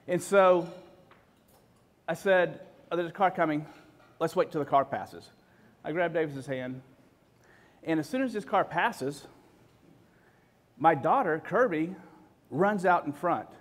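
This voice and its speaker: A man in his forties telling a personal story in an emotional, halting way, full of restarts. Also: on the high side, expressive.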